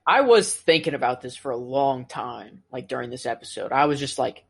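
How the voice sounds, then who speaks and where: A young man co-hosting a podcast, talking in an excited, rambling way with many fillers. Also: mid-range voice, moderate pace, vocal fry, husky. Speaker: podcast co-host. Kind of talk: casual podcast chat.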